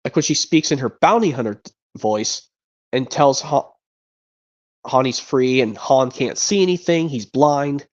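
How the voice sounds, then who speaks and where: A man's voice: mid-range voice, lively intonation, measured pace. A man streaming, chatting casually and rambling with frequent restarts and repeated words. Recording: dull lo-fi sound.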